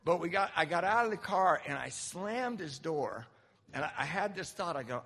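Gravelly man telling his story in a hall. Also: on the high side, brisk. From Southern California, US. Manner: animated, self-mocking, laughs often. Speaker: speaker at a recovery meeting. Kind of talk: personal storytelling talk. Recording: reverberant hall.

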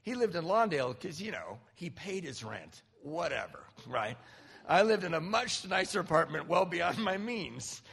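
Brief: fifties man, gravelly and husky, self-mocking storyteller at a recovery meeting, reverberant hall. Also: fairly high pitch, normal speed. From Southern California, US. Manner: animated, self-mocking, laughs often. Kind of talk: personal storytelling talk.

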